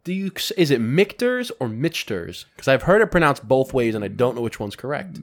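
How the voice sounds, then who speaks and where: A man's voice: mid-range voice, sing-song, a little fast. A man co-hosting a casual podcast, swapping laughing, joking banter over cigars and whiskey. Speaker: podcast co-host. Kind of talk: casual chat.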